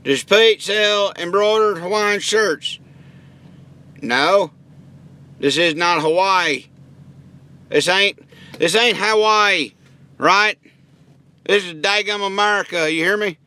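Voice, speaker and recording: A man's voice: sits high, slow, long pauses, smooth, exaggerated voice. A man playing a drawling redneck truck-shop owner. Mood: deadpan. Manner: folksy slang, blunt deadpan answers. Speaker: online video creator answering viewer questions. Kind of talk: comedy character bit.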